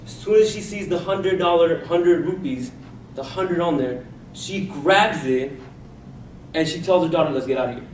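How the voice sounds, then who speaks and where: A man's voice: fairly high pitch, a little slow, a little hiss or hum. A man from India telling a personal story as a contest speech, acting out the people in it. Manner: personal anecdote with acted-out quotes. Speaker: contest speaker. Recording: echoey room from a distance, faint ambience.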